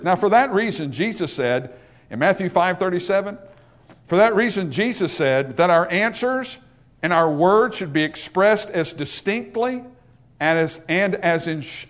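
A male pastor delivers a sermon in a slightly raised voice. He leans into emphatic points and keeps turning to the congregation with rhetorical questions. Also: sits high.

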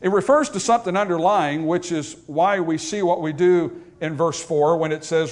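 Male pastor with a slightly high voice, talking through a funeral sermon like a story. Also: normal speed, hardly any pauses. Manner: conversational, storytelling preacher.

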